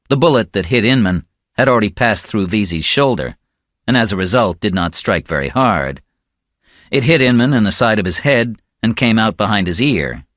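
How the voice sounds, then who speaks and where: A man giving scripted audiobook narration in a slow, measured, somber way. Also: on the low side, fairly bright tone, no room sound, clean studio sound.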